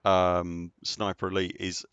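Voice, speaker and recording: Male streamer, very low voice, dry close sound, easygoing rambly chat with viewers. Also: monotone, slow, fairly bright tone, smooth, dry recording, muffled recording. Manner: chatty, rambling, answers viewer comments. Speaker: game streamer. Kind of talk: casual live-stream chat.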